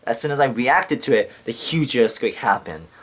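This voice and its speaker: A man's voice: medium pitch, lively intonation, normal speed, fairly bright tone. Young man rambling with heavy swearing. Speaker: vlogger. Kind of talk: casual storytelling to camera.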